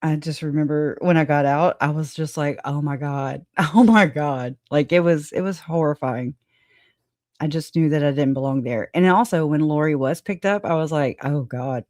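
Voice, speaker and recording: A woman's voice: sits low, normal speed, darkish tone, dry recording, clean studio sound. A woman hosting a livestream in casual chat, rambling, laughing often and swearing casually. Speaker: livestream host.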